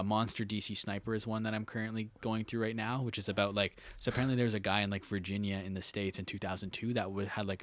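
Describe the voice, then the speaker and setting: A young man talking fast in easygoing, casual chat, with plenty of filler words. His voice sits a little low and sounds dry and close to the mic. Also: fairly bright tone, no room sound. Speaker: podcast guest.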